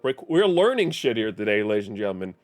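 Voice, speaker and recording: A man's voice: lowish voice, very animated, fast, no room sound. A man streaming live, chatting casually and rambling, often correcting himself and chuckling. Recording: faint music behind.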